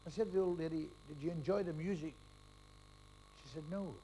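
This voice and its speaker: A man's voice: on the high side, mellow, a little hiss or hum, low-quality recording. A middle-aged man doing a stand-up comedy routine on a live stage, firing off crude jokes one after another and laughing at his own gags. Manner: rapid-fire joke telling with crude punchlines, laughing at his own gags.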